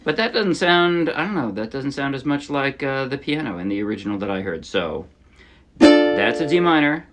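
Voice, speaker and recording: A man teaching a song on ukulele in a relaxed, casual way, often correcting himself as he explains. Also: mid-range voice, moderate pace, over loud music. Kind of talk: casual instructional talk. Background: his own ukulele playing.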